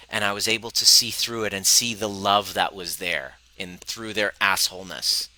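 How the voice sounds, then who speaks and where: A man with a very bright, forceful voice talks casually to his audience as a personal growth coach. He is blunt and profane and often breaks into laughter. The sound is close and dry. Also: fairly low pitch, steady tone, normal speed, few pauses, no room sound, rough recording. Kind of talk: casual live talk to an audience.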